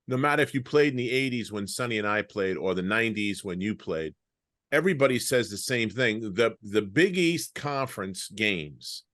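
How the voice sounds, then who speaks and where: A man's voice: fairly low pitch, fairly bright tone, no echo, clean studio sound. A man in his late fifties with a Long Island accent, hosting a casual podcast, rambling and dropping "you know" constantly over a video call. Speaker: podcast host, former player.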